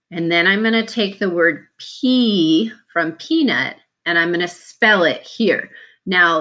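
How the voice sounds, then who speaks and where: A woman teacher walks young students through a spelling lesson, sounding out every syllable and letter with slow patience. Her voice sits a little low, yet its tone is bright and clear.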